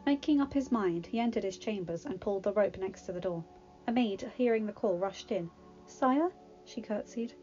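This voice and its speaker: A woman reads a story aloud in a steady, gentle storytelling manner. Her voice is mellow and soft-edged, at a middle pitch. The recording sounds dull and lo-fi, with faint music underneath. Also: brisk. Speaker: fanfiction reader. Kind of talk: storybook narration.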